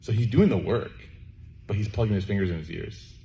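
Male preacher, low voice, relaxed joking sermon delivery that turns to prayer, faint background noise. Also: fairly quick, vocal fry. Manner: casual and joking, often checks in with the audience. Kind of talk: conversational sermon with closing prayer.

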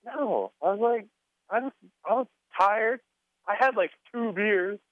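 A man's voice: high-pitched, unhurried, no echo. A man telling casual stories as a podcast guest, acting out what people said. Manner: laid-back storyteller, acts out quotes. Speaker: podcast guest, motocross mechanic. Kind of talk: casual chat. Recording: tinny phone-like line.

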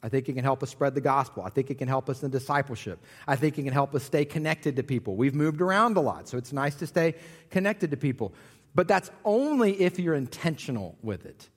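A man in his thirties preaching a sermon as pastor, with animated storytelling and jokey asides. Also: medium pitch, fairly quick, long reverb tail.

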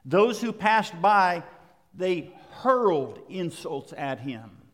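A man preaching a sermon to his congregation, with emphatic delivery, dramatic pauses and building intensity. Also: high-pitched, sing-song, a bit bright. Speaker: pastor. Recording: long reverb of a large hall.

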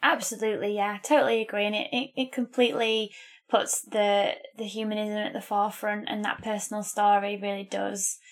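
A woman's voice: medium pitch, little pitch movement, a little fast. A woman from the UK co-hosting a podcast, chatting casually and enthusiastically, and stumbling over repeated words. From United Kingdom. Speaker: podcast co-host.

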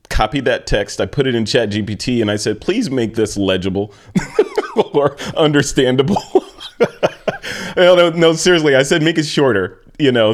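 A man hosts a casual podcast in a mid-range voice. He talks in an animated way, laughs easily and often restarts mid-sentence. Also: medium pitch. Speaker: podcast host.

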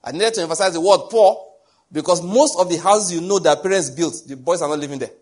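Husky Nigerian preacher. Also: male voice, high-pitched, fast. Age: middle-aged. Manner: animated storytelling, acting out dialogue. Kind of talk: sermon.

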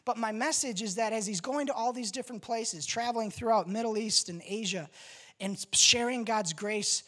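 Animated joking woman preacher. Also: fairly high pitch, normal speed. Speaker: pastor. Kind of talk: casual sermon.

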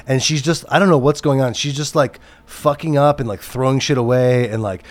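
A man's voice: medium pitch, a little fast. A man who works as a TV producer, telling a story in casual chat, rambling with many restarts and fillers and swearing freely.

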